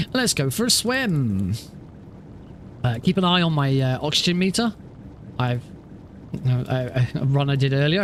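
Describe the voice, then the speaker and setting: A man's voice: a little high, a little hiss or hum. A man casually commenting on his own speedrun practice, rambling and self-deprecating with lots of fillers and restarts. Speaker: speedrunner streamer.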